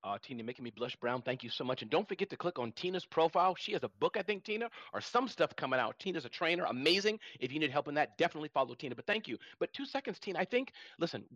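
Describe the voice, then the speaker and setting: A man in his forties hosting a live audio room on his phone, talking fast and excitably. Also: on the high side, dry recording, dull audio. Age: 40s. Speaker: host.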